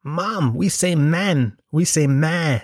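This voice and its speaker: Irish man with a kerry accent, mid-pitched voice, rambling comic story, swears a lot, dry close sound. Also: normal speed, dry recording. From Ireland. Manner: rambling, self-mocking, swears freely. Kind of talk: storytelling monologue.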